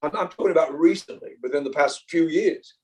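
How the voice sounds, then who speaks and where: A man's voice: a little high, brisk, far from the mic, poor audio. An older British-born rock singer, a man, chatting casually as an interview guest, rambling with many fillers and restarts. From Britain.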